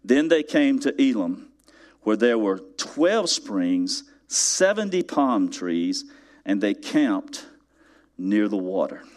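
Animated man preaching a sermon. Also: lowish voice, slow. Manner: animated storytelling, builds to loud emphatic peaks; asks the congregation rhetorical questions. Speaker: pastor. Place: church.

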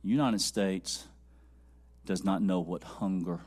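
A man preaching a sermon, swinging from loud high-pitched exclaiming to low quiet musing, repeating lines for emphasis and dropping to a near whisper. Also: takes it slowly.

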